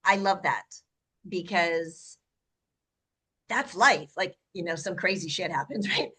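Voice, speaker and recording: A woman's voice: fairly low pitch, animated, slow, bright, forceful tone, husky. A woman hosting a casual interview chat, bubbly and enthusiastic, often using "like" and "right?". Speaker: host.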